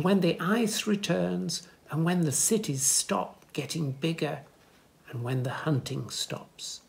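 A man reading a children's picture book aloud, gently pointing things out to young listeners in soft asides and lifting his voice for the animals' lines. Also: a little high, unhurried, gravelly. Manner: lifts voice for animal speech without distinct characters. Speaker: children's story reader.

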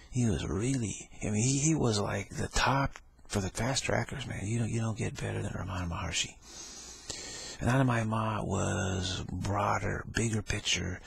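Gravelly rambling man talking spirituality. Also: on the low side, fairly bright tone. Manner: laughing, repetitive, acts out quoted voices. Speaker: spiritual teacher.

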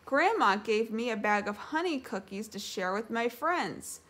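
A woman's voice: fairly high pitch, lively intonation, unhurried, fairly bright tone. A woman voicing a kind, sensible young boy who explains things patiently in a storybook read-aloud.

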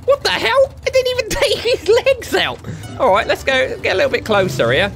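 A young man doing lively gameplay commentary, trash-talking with slang and laughing often. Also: very high-pitched, fairly quick, gravelly, over music. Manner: rowdy, jokey trash-talk with slang and frequent laughter. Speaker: gaming YouTuber.

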